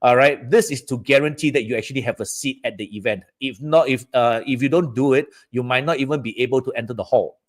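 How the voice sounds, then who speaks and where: A man's voice: mid-range voice, quick pace, hardly any pauses. A man from Southeast Asia giving a live-streamed talk on feng shui to his audience. He keeps the tone chatty, dropping frequent "okay, guys" and "all right" check-ins between points. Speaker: feng shui teacher hosting a live session.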